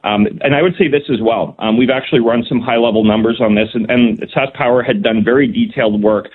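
A provincial cabinet minister talks quickly in a mid-range voice, fielding radio interview questions over phone-line call-in audio. His tone is earnest and emphatic, and he keeps starting over and inserting "um."

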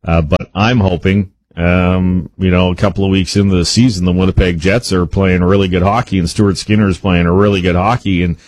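A man co-hosting a sports radio talk segment, opinionated and animated, speeding up when he makes his point. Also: deep voice, a little fast, hardly any pauses, no echo, rough recording.

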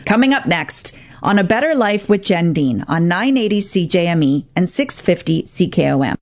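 A woman's voice: fairly low pitch, big pitch swings, moderate pace, darkish tone. A woman hosting a radio talk show with parenting advice, earnest and acting out parent and child lines. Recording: dull lo-fi radio broadcast.

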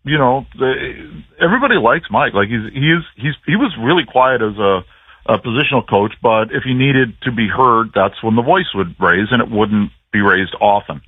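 A man calling in as a guest on a radio show, telling stories in a chatty way with many restarts. His voice comes through a tinny phone line with no room sound. He sounds mid-pitched and conversational. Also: animated, normal speed, husky, no echo. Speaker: team play-by-play broadcaster, radio guest. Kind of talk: casual radio interview.

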